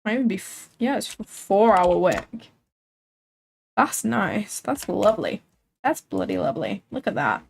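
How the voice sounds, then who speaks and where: A woman's voice: mid-range voice, huge pitch swings, a little slow, gravelly, slight background noise. A woman hosting a live trading stream, chatting casually and thinking aloud with frequent filler words. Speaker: livestream trading host.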